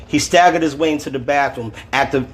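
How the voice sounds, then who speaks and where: A man reads from his own novel on a phone livestream, his voice sitting a little high. Between passages he chats casually with viewers in relaxed, slangy talk, chuckling often. The tone is loose and friendly. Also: brisk. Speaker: author reading his novel. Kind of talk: livestream reading and casual chat.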